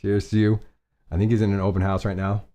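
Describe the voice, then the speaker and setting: A man's voice: lowish voice, flat delivery, quick pace, warm tone. A man hosting a casual fashion live stream, chatty and rambling, often restarting and laughing at himself.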